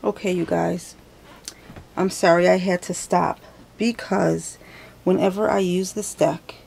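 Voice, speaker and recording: Woman host doing a casual card reading; slow and gravelly, talks it through out loud and corrects herself. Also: on the low side, fairly even intonation, a little hiss or hum. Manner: chatty, thinks aloud, self-correcting. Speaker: tarot reader. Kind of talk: casual tarot reading to camera.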